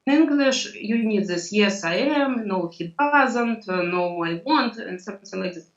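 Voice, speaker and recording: A woman's voice: mid-range voice, animated. Woman tutoring over a distant line. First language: Russian. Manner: patient, explains slowly, mixes in Russian words. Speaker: language tutor. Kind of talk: online language lesson. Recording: distant, dull video-call audio.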